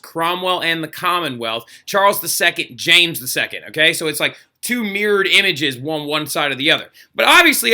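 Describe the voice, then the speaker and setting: Brief: lively male history teacher, chatty lecture delivery, crisp bright tone. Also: fairly high pitch. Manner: energetic, chatty, acts out quotes. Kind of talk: casual video lecture.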